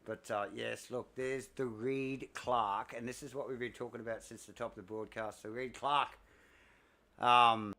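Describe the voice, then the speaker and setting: A man, commentating a sim race live, excitable and out of breath, rambling with fillers. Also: medium pitch, a little slow.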